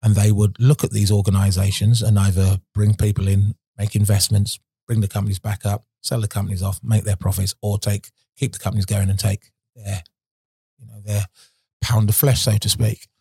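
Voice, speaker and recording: Dark, husky man telling his story. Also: fairly low pitch, flat delivery, moderate pace, no echo, clean studio sound. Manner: rambling and frank, many restarts and fillers. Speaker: guest, former Olympic sprinter. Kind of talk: candid storytelling interview.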